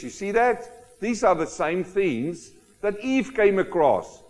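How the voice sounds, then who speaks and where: A man preaching a sermon, emphatic and animated, often asking rhetorical questions of the congregation. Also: high-pitched, measured pace. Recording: long hall reverb.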